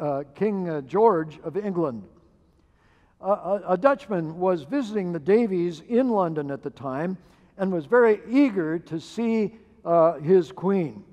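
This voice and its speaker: High-voiced, slow-speaking male pastor preaching. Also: darkish tone. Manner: measured storytelling with hesitant fillers. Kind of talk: sermon. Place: church sanctuary. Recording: church hall reverb.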